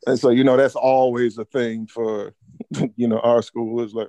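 A laid-back man co-hosting a casual podcast chat, spinning a slangy story. His voice sits at an ordinary middle pitch and sounds close and dry. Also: fairly even intonation, moderate pace, mellow, no echo. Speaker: podcast co-host.

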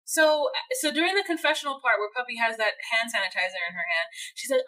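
A woman co-hosting a casual podcast, recapping a reality show in lively chat and acting out what people said. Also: on the high side, quick pace, hardly any pauses. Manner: animated, acts out quotes, laughs often. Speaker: podcast co-host.

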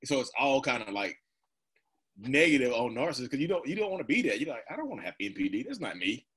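A man's voice: medium pitch, big pitch swings, fast talker, a bit bright, husky. A man in his thirties talking casually and candidly as an interview guest, rambling, laughing often and acting out his own remarks. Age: 30s. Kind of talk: candid personal conversation.

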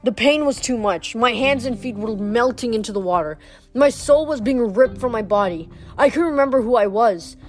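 Woman reading a novel aloud, fairly high voice, small slips, faint music behind. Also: animated, normal speed. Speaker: reader.

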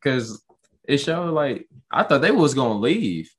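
Excitable young man, lively swooping voice. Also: mid-range voice, measured pace, breathy edge. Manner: excitable, slangy, rises sharply when enthused. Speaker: podcast co-host. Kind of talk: casual podcast recap chat.

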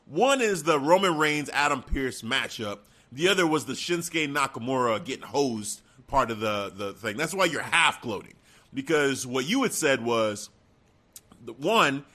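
Animated man recapping wrestling. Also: medium pitch, moderate pace. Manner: animated, acts out quotes, laughs often. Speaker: podcast co-host. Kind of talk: casual wrestling recap chat.

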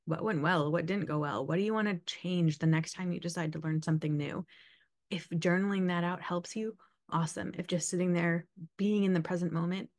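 A woman's voice: medium pitch, no room sound, clean studio sound. A woman in her thirties giving a casual motivational talk, chatty and sarcastic, laughing often.

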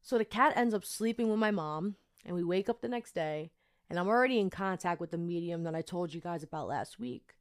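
A young woman hosting a podcast, telling a personal story in a chatty, animated way with lots of fillers. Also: on the low side, a little fast, clean tone. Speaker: podcast host. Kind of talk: casual storytelling monologue.

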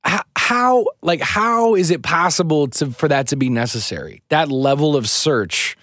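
Male co-host, higher voice, very animated pitch, dry studio mic, quick skeptical questions. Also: no room sound. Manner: animated, incredulous questioning, swears. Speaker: podcast co-host. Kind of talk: casual podcast banter.

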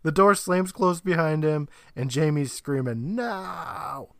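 A man's voice: fairly high pitch, unhurried, no room sound. Man casually recapping a TV episode. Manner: animated retelling, acts out lines with laughs. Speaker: podcast co-host.

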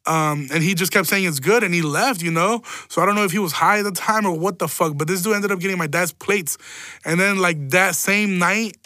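A man's voice: sits high, a little fast, bright, forceful tone, no echo. A young man, hosting a casual solo rant, rambling and swearing, often breaking into laughter. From Chicago. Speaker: podcast host.

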